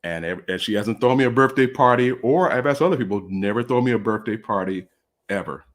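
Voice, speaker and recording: A man telling a comic personal story in a casual, animated way, full of fillers, over a video call. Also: mid-range voice, fairly quick.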